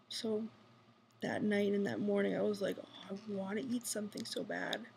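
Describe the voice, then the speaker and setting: A woman's voice: mid-range voice, creaky, a little hiss or hum. A woman whispering a rambling video diary at night from a hospital room, full of fillers. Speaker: vlogger. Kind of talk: hushed personal video diary.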